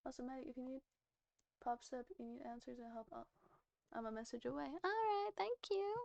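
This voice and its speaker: A woman's voice: on the high side, level tone, fast, gravelly, mellow, no echo, highs cut off. A woman chatting casually with viewers on a live stream while she crochets, answering them and saying goodnight. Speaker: livestreamer.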